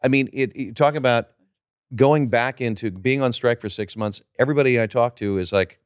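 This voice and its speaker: A middle-aged man, a guest actor, telling stories from his career in a relaxed interview chat. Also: medium pitch, a little fast, no echo, clean studio sound.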